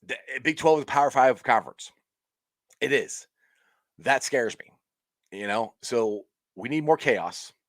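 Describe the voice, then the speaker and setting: A man hosting a casual live-stream sports chat. He rambles in an excitable way, with frequent restarts and laughs. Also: medium pitch, unhurried, long pauses, no room sound, studio quality. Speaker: sports talk show host.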